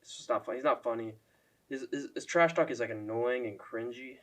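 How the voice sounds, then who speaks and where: Speaking at a brisk clip in a mid-range voice, this young MMA YouTuber ranks fighters in a loose, profane rant. He leans heavily on "like" as filler and throws in mocking impressions.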